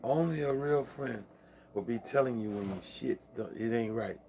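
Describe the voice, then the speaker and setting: A man's voice: mid-range voice, moderate pace, creaky, dark tone, a little hiss or hum. A man hosting a casual late-night monologue, with loose, profane, preachy street talk, laughing at his own jokes. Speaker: livestream host.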